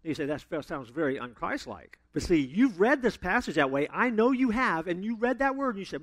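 A man's voice: high voice, sing-song, brisk, hardly any pauses, no room sound. A man preaching a sermon as a pastor, telling stories and acting out the people he quotes. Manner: storytelling, acts out quoted voices with big swings.

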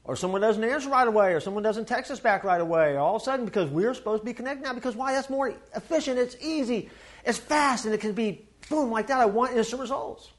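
High-voiced man preaching a folksy sermon. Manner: folksy, animated preaching with quick asides and acted quotes. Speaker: pastor.

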